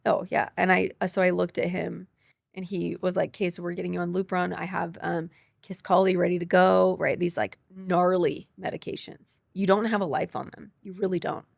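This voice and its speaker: A woman's voice: fairly low pitch, level tone, gravelly, no room sound, clean studio sound. A young woman, a podcast guest, telling her cancer story with emotion and quoting people as she goes. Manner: quick, tearful retelling with quoted dialogue.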